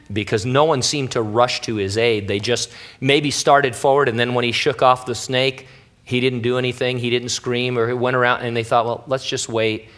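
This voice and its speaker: A man's voice: medium pitch, fairly bright tone. Male pastor, wry conversational Bible teaching. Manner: casual and wry, with playful asides.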